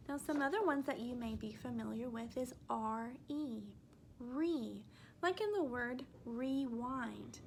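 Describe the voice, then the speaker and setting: A woman teaching a first grade phonics lesson, speaking gently and spelling out letters slowly for young children. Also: fairly high pitch, a little hiss or hum.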